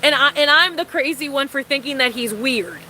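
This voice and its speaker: Bright, high-voiced exasperated young woman. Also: moderate pace, a little hiss or hum, rough recording. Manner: exasperated, incredulous, swears freely, laughs often. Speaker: vlogger. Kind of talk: casual storytime rant.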